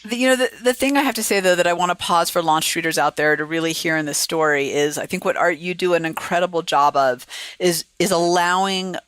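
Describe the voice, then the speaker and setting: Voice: mid-range voice, fairly quick, a bit bright, clear, resonant tone, dry recording. A podcast host reflecting on the guest's story in a conversational, affirming way. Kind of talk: conversational interview talk.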